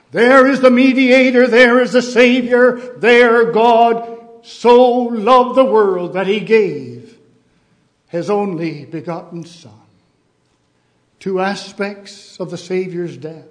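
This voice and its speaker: A man preaching a sermon in a measured, emphatic way, repeating key phrases. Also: very high voice, fairly even intonation.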